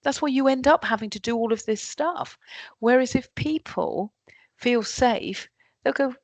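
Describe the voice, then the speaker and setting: A woman's voice: fairly high pitch, measured pace, no echo. A woman giving a leadership workshop talk, often acting out what colleagues say. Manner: lively, acts out quoted colleagues. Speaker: workshop trainer.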